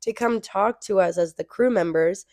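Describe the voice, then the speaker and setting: A woman's voice: mid-range voice, moderate pace, darkish tone, no echo, studio quality. Woman telling exasperated work stories. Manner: storytelling with exasperated retellings of customers. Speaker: podcast co-host and grocery store crew member. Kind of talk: casual chat.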